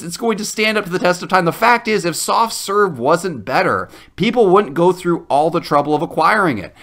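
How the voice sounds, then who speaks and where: Lively, bright-voiced man debating. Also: on the high side. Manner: animated, laughs often, mock-outraged. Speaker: debate show co-host. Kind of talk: playful mock debate.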